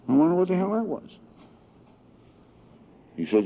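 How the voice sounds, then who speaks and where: A man's voice: high-pitched, big pitch swings, normal speed, creaky. A man in his sixties from Southern California giving a heartfelt personal testimony at a recovery meeting, telling his story with emotional swells. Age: 60s. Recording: tinny lo-fi 1982 archive tape.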